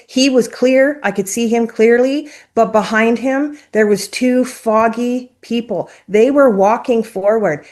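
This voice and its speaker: A woman's voice: a little high, darkish tone. A woman telling a personal story as an interview guest, in a conversational, emotional way, sometimes close to tears. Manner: emotional, tearful at times, apologetic; conversational, uses fillers like "like" and "um".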